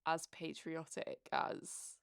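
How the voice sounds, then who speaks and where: A British woman with a lowish, gravelly voice talks openly and swears freely on a podcast. The sound is dry and close. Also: completely flat delivery, slow pace, a bit bright, dry recording. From England. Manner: candid and profane. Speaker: podcast co-host. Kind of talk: casual chat. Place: recorded apart from co-host, living in Los Angeles.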